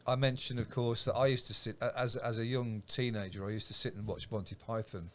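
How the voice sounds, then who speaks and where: A man's voice: medium pitch, fairly even intonation, a little fast, a little hiss or hum. A middle-aged man co-hosting a casual chat, hesitant and self-deprecating, with stammered restarts. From Britain. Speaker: co-host.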